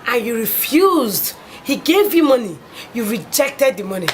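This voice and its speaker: An actress with a Nigerian accent playing a stern older sister who scolds in disbelief. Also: female voice, on the high side, sing-song, unhurried, slight background noise. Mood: scolding. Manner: scolding, incredulous.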